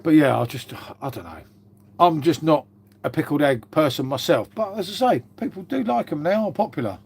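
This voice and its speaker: A middle-aged Englishman with an English accent hosts a casual livestream, reading out viewer comments and chatting in a matey way, saying "mate" a lot. His voice sits a little high, brisk and creaky with a breathy edge and lively intonation.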